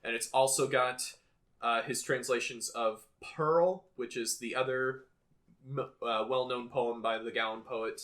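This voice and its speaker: In casual podcast chat, this young male co-host speaks a little slowly in a medium-pitched, steady, slightly bright voice. Bookish and prone to rambling, he frequently starts sentences over and reads poems aloud.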